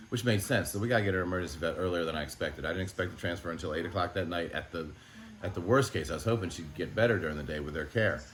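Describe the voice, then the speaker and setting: A man who runs an animal sanctuary, speaking in an emotional vlog monologue, halting and frustrated, often swearing. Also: sits low, a bit bright, slight background noise.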